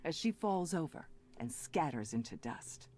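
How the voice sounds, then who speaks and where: A woman's voice: sits low, expressive, moderate pace, dark tone, a little hiss or hum. A woman reading scripted game narration in a dry, storybook delivery.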